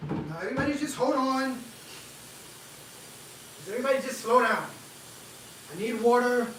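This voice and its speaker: High-voiced animated man on a livestream. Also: moderate pace, a little hiss or hum, rough recording. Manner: animated, rhetorical, keeps asking "right?"; gets loud and excitable. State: leg cramp. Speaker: livestream host. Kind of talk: casual livestream commentary.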